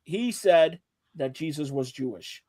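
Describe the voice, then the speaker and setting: High-voiced, loud joking male host. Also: lively intonation, a little slow, a crowd in the background. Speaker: show host. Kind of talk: casual sports talk banter.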